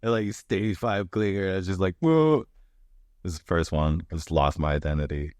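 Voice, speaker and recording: A man co-hosting a podcast in casual chat, laughing often and acting out quoted lines in higher voices. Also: expressive, normal speed, darkish tone, no echo, studio quality. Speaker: podcast co-host.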